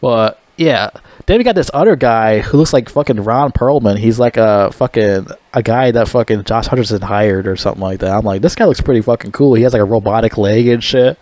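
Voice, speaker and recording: A man's voice: on the low side, fairly quick, a little mellow, dry recording. A young man giving a casual movie review, rambling, blunt and full of swearing. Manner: rambling, heavily profane, blunt.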